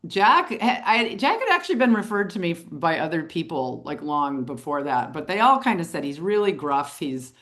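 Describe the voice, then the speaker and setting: A middle-aged woman telling a story in an interview, animated and chuckling as she goes. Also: deep voice, moderate pace, few pauses. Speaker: photographer and author, interview guest.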